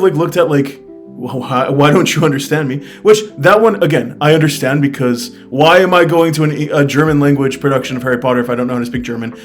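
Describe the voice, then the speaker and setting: A young man from the United States talks through his trip in a loose, candid vlog, full of fillers and easy enthusiasm. His voice sits at an ordinary middle pitch. A faint plucked guitar plays underneath. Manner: chatty, many fillers, candid and upbeat. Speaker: travel vlogger. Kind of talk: casual vlog review.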